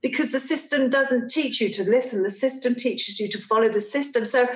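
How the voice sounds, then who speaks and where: A woman in her forties, a parent, telling a personal story in casual conversation, earnest and halting, with many restarts and repeated phrases. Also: on the high side. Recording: roomy, echoey room sound.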